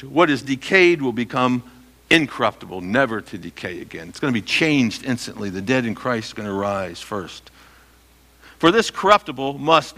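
A man's voice: medium pitch, sharp tone. A middle-aged man preaching a sermon as pastor, emphatic and quizzing his listeners with questions he answers himself. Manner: emphatic, asks the congregation questions and answers them.

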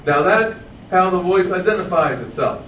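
A man preaching a verse-by-verse Bible sermon, putting questions to his listeners and drawing out key words slowly for emphasis. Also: high-pitched, lively intonation, fairly bright tone, a little hiss or hum. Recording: echoey, distant room mic with faint ambience.

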